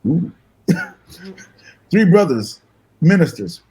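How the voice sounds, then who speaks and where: An older man, a guest musician, telling animated, fast-paced stories in an interview and acting out the voices of the people in them. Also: fairly high pitch, low-quality recording. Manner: fast-talking, acts out voices in his stories, laughs often.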